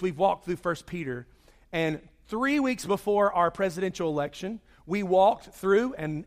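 A man preaching a conversational sermon after praying, his voice a bit worn from singing. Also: high-pitched. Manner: conversational, animated storytelling. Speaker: pastor. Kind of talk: sermon with opening prayer.

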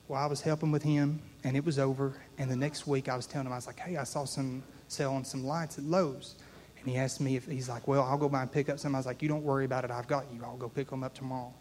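A man's voice: medium pitch, a little mellow, a little hiss or hum. A young man preaching a sermon, telling a personal story in an earnest, conversational way and building to a call to his listeners.

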